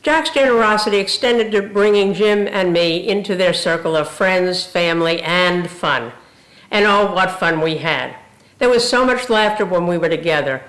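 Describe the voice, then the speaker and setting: A woman's voice: on the low side, normal speed. An older woman, a retired university president, telling funny stories in a tribute speech. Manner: warm humorous storytelling. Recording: roomy echo.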